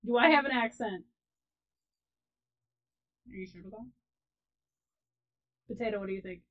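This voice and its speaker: A woman chatting casually as she plays a co-op farming game, giggly and often trailing off softly. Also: medium pitch, normal speed, dull audio. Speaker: let's play host. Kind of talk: casual gaming commentary.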